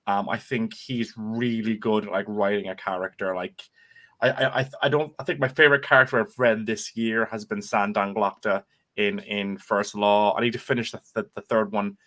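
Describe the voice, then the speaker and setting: A man's voice: fairly low pitch, steady tone, normal speed, a bit bright. A man, talking casually as a guest author on a video chat, rambling and restarting his sentences. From United Kingdom. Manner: rambling, restarts often, chatty.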